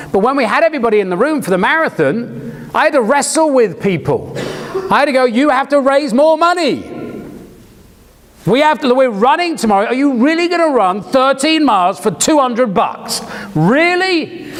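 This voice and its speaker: A man's voice: high-pitched, long reverb tail. A man preaching a sermon, telling stories animatedly and acting out the lines he quotes.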